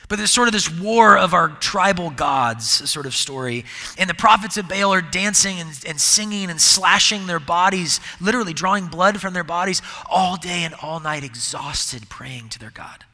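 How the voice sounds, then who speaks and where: Bright-voiced male preacher in a reverberant hall. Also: high voice, normal speed. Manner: conversational, animated preaching with restarts. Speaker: pastor. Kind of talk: sermon.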